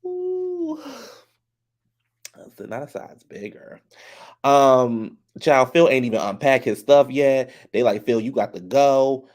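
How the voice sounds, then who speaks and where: A sassy, gossipy man recaps a reality show in a loose, chatty way. His voice sits at a middle pitch and leaps high when he imitates the cast. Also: unhurried, a little mellow. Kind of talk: casual recap commentary.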